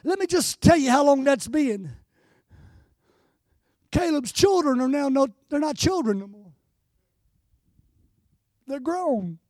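An older man preaching an impassioned sermon as a guest speaker, swelling to shouts and close to tears. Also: very high voice, animated, slow, long pauses, no room sound.

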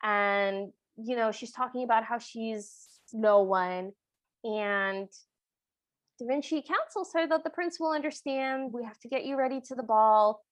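A woman's voice: fairly high pitch, unhurried. A woman co-hosting a podcast, retelling movie scenes in an enthusiastic, casual way. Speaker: podcast co-host. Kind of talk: casual movie recap chat.

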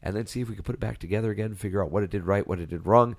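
Stuffed-up man around forty, low voice, dry close mic, rambling podcast chat. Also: rapid-fire, vocal fry, dry recording. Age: about 40. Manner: congested, stuffed-up, relaxed and rambling. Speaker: podcast co-host. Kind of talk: casual chat.

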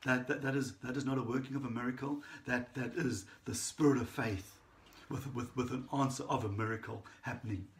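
A man preaching a sermon, telling a Bible story with lively enthusiasm and frequent restarts. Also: mid-range voice, brisk.

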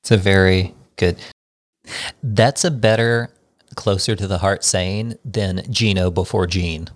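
A man co-hosting a book club podcast in a studio, explaining details in a relaxed, casual way. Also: sits low, measured pace. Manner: explanatory, relaxed, reads passages aloud. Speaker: podcast co-host.

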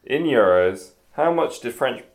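A man's voice: mid-range voice, animated, measured pace, creaky. A man chatting as a podcast co-host, joking and teasing with crude humour. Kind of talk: casual chat.

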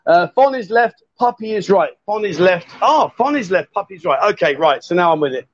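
A high-voiced man hosts a rowdy live stream, teasing and coaxing the people around him. His voice comes through dull and lo-fi. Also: expressive, fairly quick. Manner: loud, jokey, coaxing and chatty. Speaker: host. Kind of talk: casual live-stream chat in a bar.

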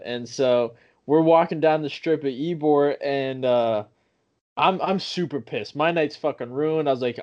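A man's voice: mid-range voice, normal speed. A young man telling a rambling story in casual talk, swearing often and correcting himself as he goes. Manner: profane, rambling, self-correcting. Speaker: podcast guest. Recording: dull lo-fi sound.

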